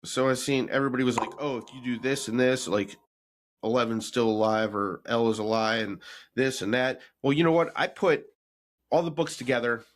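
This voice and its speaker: A man co-hosting a podcast in casual chat, talking bluntly with mocking, animated rants. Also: mid-range voice, brisk. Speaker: podcast co-host.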